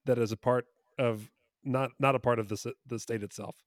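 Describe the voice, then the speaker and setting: A man's voice: mid-range voice, fairly even intonation, fairly quick, dry recording, clean studio sound. A man from New Jersey in casual podcast chat, talking in an enthusiastic, rambling way and often correcting himself.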